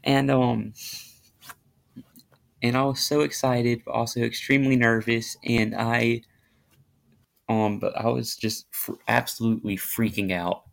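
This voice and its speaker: A man's voice: medium pitch, level tone, normal speed, creaky. A man hosting his own podcast, telling a story in a rambling, self-deprecating way with many fillers and restarts. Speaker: podcast host. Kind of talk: casual storytelling monologue.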